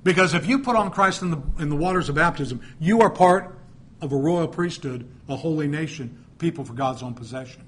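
A man's voice: a little high, brisk, a bit bright. A middle-aged man preaching a sermon in a conversational, storytelling way, with asides to the congregation.

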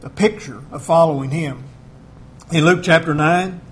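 A man preaching a sermon in a plain, folksy, conversational way, with a notably high voice for a man. He walks through scripture and acts out the voices of the people he quotes. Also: moderate pace. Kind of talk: sermon, Bible teaching.

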